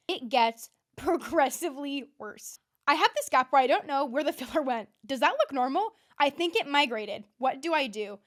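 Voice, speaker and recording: A young woman in her twenties, a podcast host telling a story in a chatty, animated way with lots of fillers. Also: high-pitched. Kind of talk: casual storytelling monologue.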